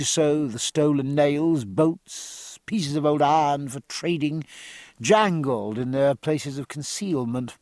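A man narrating an audiobook with an expressive, varied reading. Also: fairly high pitch, measured pace, vocal fry, no echo.

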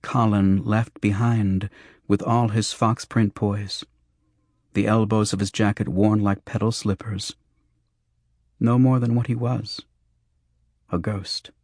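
Male audiobook narrator, very deep voice, dry close sound, measured. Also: level tone, darkish tone, no room sound. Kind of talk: scripted narration.

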